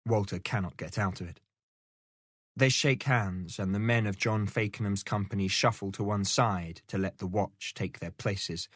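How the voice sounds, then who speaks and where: A man narrating a novel aloud in a steady, measured storytelling manner. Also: on the low side, no echo, studio quality. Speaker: audiobook narrator. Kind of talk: scripted narration.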